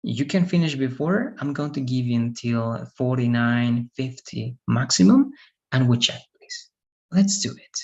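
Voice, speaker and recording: A man's voice: mid-range voice, lively intonation, gravelly, a little mellow, lo-fi sound. A man teaching an English grammar lesson to students, explaining step by step and checking in with "right?" and "all right". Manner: repeats and restates points slowly.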